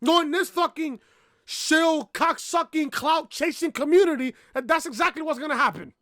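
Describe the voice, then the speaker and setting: On a laptop webcam mic, a woman rants bluntly and profanely about a wrestling show, repeating herself and barking "woof" between points in her review vlog. Her voice sits high and a bit bright at a moderate pace. The sound is dry and clean, like a studio.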